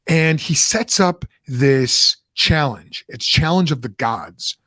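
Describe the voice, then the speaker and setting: Animated storytelling man, dry sound. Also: fairly high pitch, slow pace, hardly any pauses, no room sound. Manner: animated storyteller, many restarts and asides. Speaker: podcast host, former pastor. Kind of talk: casual Bible talk answering a question.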